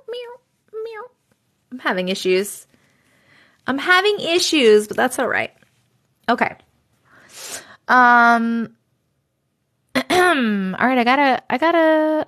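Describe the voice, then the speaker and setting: A woman hosting a live stream, chatting casually, swearing freely and reading viewer stories aloud with loud disbelief. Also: a little high.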